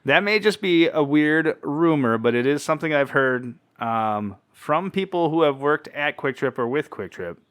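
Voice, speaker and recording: A man's voice: a little high, expressive, moderate pace, few pauses, fairly bright tone, clear, resonant tone. Joking male podcast co-host. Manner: joking, rambling, chatty. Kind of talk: casual podcast chat reading news stories. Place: home podcast setup.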